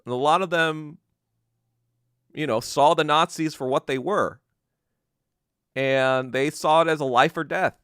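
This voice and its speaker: A man on a podcast ranting in a loose, profane way, chuckling between phrases. His voice sits a little high and swings widely in pitch, with a bright edge, and the sound is close and dry. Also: smooth, dry recording. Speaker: podcast host. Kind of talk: casual solo rant.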